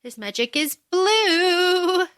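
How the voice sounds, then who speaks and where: A woman's voice: very high voice, slow pace, no echo, studio quality. A woman co-hosting a podcast, chatting casually about a book and acting out characters' lines as she recaps. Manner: animated, acts out characters' lines mid-recap. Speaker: podcast co-host.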